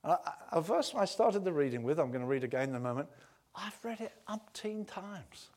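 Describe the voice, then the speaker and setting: A man preaching a sermon, telling the story with animated acting-out and swings from loud exclamations to hushed tones. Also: on the high side, fairly quick.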